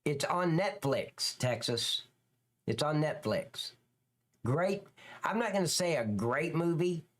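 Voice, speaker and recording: A man's voice: mid-range voice, a bit bright. A man hosting a live stream, chatting loosely and crudely, answering viewers' comments as he goes. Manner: rambling, crude, reads and answers chat. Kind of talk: casual live-stream chat.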